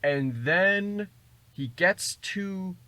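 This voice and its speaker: Bright-voiced man recapping a film. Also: high voice, expressive, extremely slow, no echo. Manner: rambling, jokey retelling with acted quotes. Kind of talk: casual chat, recapping a film.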